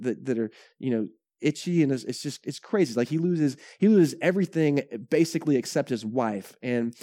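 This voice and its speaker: Male pastor, conversational sermon delivery, mellow tone, dry close sound. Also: medium pitch, dry recording. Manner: conversational, animated, frequent "right?" tags.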